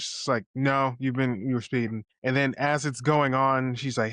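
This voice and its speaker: A man's voice: medium pitch, fairly quick, few pauses, no room sound. A man co-hosting a casual film review podcast, retelling scenes with acted-out quotes and casual swearing. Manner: animated retelling, acting out quoted lines. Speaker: podcast co-host.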